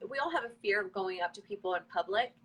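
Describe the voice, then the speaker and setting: A woman's voice: medium pitch, lively intonation, fast talker, a bit bright, husky, rough recording. A woman hosting a casual interview, asking questions conversationally. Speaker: host.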